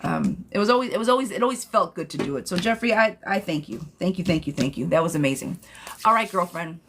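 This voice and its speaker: A woman's voice: fast talker, slight background noise. A woman hosting a live-stream tarot reading, talking bluntly and sassily to viewers and calling them girlfriend. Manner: bursts into high excited gushing.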